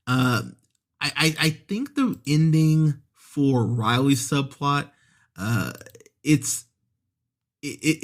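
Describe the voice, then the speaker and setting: A man hosting a movie podcast, reviewing an episode in a casual, conversational way, often correcting himself mid-sentence and acting out the characters' lines. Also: medium pitch. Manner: conversational, re-voices characters when quoting scenes; frequent self-corrections and fillers. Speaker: podcast host.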